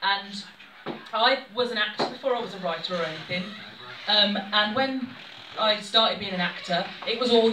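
A woman's voice: medium pitch, normal speed, sharp tone, slight background noise. A young adult woman with a faint Midlands accent, a poet and former actor, talking in a chatty way with frequent ums and reading her verse aloud. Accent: faint Midlands English. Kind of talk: chat and poetry reading. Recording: roomy, mic at a distance.

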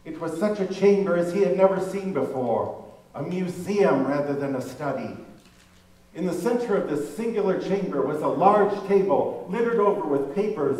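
A man narrating a classic tale as a dramatic reading, in a measured, vivid storytelling manner, recorded in an echoey room from far off. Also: on the high side, lively intonation.

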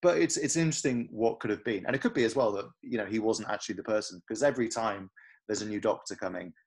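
A man with a low, husky voice chats on a podcast at a quick clip. He talks loosely, full of fillers and little hedges, and sounds like an easygoing co-host. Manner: fast, chatty, hedging with fillers. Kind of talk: casual chat.

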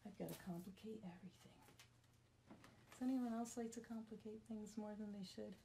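A woman's voice: mid-range voice, brisk, creaky, mellow, slight background noise. A woman from Vermont talking casually while demonstrating a craft project, chatty and self-deprecating, joking with someone off camera. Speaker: craft tutorial host.

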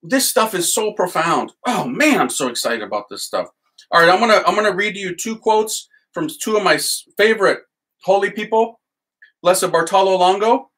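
A man, a priest, teaching with excited enthusiasm and leading a chanted litany. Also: high-pitched, normal speed, poor audio.

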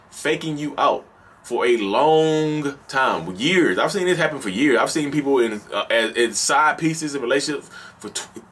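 A man with a Southern accent hosts a solo podcast in a medium-pitched, fairly bright voice, with slight background noise. He talks casually and emphatically, often repeating himself and restarting sentences. He also acts out quoted lines.

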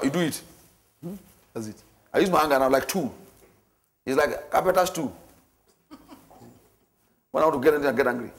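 A man with a fairly high voice leads a church marriage class. He lectures in an animated way, repeating points and acting out everyday situations for his listeners. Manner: repetitive, animated, acts out scenarios.

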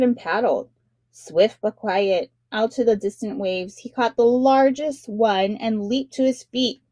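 A woman reading a children's picture book aloud as narrator, with expressive, dramatic emphasis. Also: fairly high pitch, no room sound.

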